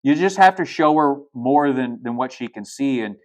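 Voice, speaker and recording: A man's voice: mid-range voice, lively intonation, normal speed. A male pastor preaching a sermon in a casual, storytelling way, retelling film scenes with blunt asides and restarts.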